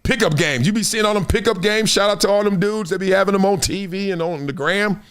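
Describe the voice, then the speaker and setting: A man in his forties hosting a casual sports talk stream, animated and trash-talking, slipping into put-on fan voices. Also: sits high. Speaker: show host.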